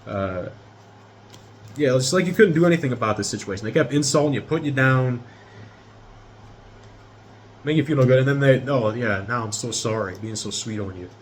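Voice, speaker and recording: A man's voice: mid-range voice, expressive, brisk, pauses often, a little hiss or hum. Rambling, cursing tarot reader guy. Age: 30s. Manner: rambling and profane, talks straight to viewers. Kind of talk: casual tarot reading.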